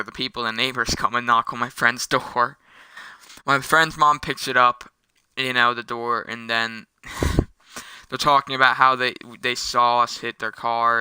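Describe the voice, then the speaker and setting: A man's voice: medium pitch, sharp tone, smooth, dry recording. A young man rambling through a personal story in casual vlog style, often restarting and correcting himself. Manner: rambling with many restarts and quick self-corrections. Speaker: storytelling vlogger. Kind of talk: casual storytime while gaming.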